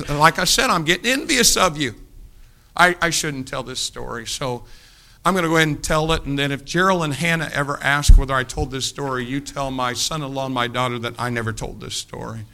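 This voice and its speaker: Bright-voiced older male preacher. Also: a little high, brisk, creaky. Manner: storytelling, shifts between hushed and emphatic. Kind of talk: sermon.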